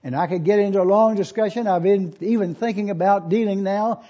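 Older male preacher with a high, warm voice. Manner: emphatic, repeats key questions slowly. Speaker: pastor. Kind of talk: sermon. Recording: dull lo-fi recording.

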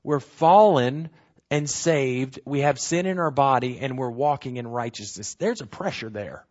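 A man's voice: mid-range voice, unhurried, a little mellow, highs cut off. Man teaching scripture verse by verse. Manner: explanatory, repeats key phrases for emphasis. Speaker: bible teacher.

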